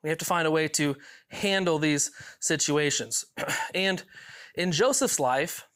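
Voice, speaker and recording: A man's voice: a little high, a little slow, fairly bright tone. A man preaching a youth sermon, reading Bible passages and adding lighthearted asides with small chuckles and repeated words. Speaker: youth pastor.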